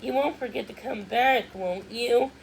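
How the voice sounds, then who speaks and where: A woman's voice: on the high side, unhurried, creaky, slight background noise, pitched above the performer's own voice, low-quality recording. A woman reading a tiny, sweet, breathless girl. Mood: flustered.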